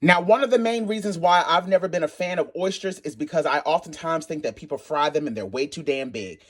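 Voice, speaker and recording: A man from Maryland hosting a casual cooking tutorial in his home kitchen, sassy and animated, calling viewers honey and swearing casually. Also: a little high, brisk. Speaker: cooking channel host.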